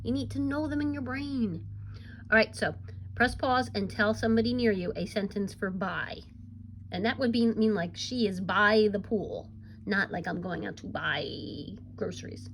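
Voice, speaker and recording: A kindergarten teacher leads a recorded reading lesson for young children, sounding upbeat and encouraging in a sing-song classroom voice. Her pitch is medium, and there's a faint hiss or hum in the audio.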